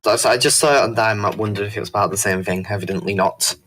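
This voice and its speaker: A man with a lowish voice adds short, measured comments during a casual meeting over a voice call. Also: fairly even intonation, a bit bright, a little hiss or hum.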